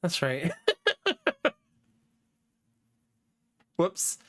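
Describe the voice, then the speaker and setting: A man's voice: fairly high pitch, huge pitch swings, drawn-out words, a bit bright. A man in his thirties, a livestreamer chatting casually with viewers, reading chat aloud and laughing often.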